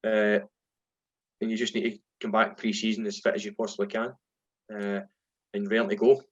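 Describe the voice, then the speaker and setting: A middle-aged man with a Scottish accent tells dressing-room stories in a relaxed sit-down chat. He slips into other people's voices when he quotes them. The recording sounds slightly dull and lo-fi. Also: fairly low pitch, moderate pace, husky. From Scotland. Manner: animated anecdotes, acts out voices in quotes. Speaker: former footballer, guest. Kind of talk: casual storytelling.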